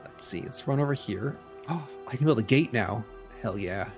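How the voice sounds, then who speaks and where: A man's voice: medium pitch, very animated, moderate pace, soft background music. A man streaming a factory-building game, muttering to himself with playful asides. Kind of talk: casual gameplay commentary.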